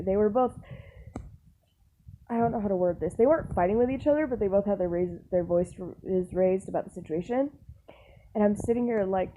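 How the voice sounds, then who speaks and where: A young woman vlogging, telling a personal story in a chatty, animated way, full of restarts and exasperated asides. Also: on the low side, phone-quality sound, a little hiss or hum. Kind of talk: casual storytelling.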